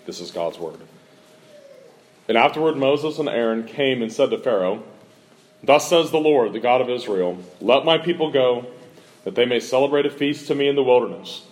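A man's voice: mid-range voice, animated, normal speed, darkish tone. A male pastor in a church, preaching and reading scripture aloud, lifting his voice for the quoted speakers.

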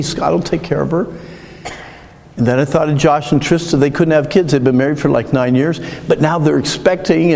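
A middle-aged man preaches a sermon, his voice gravelly and pitched a little high. He tells a personal story in an earnest, emotional, halting way. The sound carries the long reverb of a large church hall. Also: a little mellow. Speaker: pastor.

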